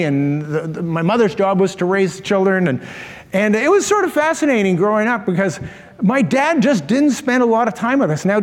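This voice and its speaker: High-voiced male pastor, reverberant hall. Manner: storytelling, humorous asides, laughs at own jokes. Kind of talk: sermon.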